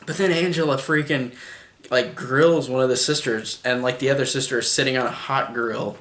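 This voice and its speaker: A man talks through a movie review in a loose, rambling way, filling his sentences with "like" and restarting them. His voice sits at an ordinary middle pitch. The room around him is roomy and echoing. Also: fairly even intonation, normal speed, fairly bright tone. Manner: rambling, full of "like" and restarts, chuckling. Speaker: film reviewer. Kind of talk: casual spoken movie review. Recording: echoey room.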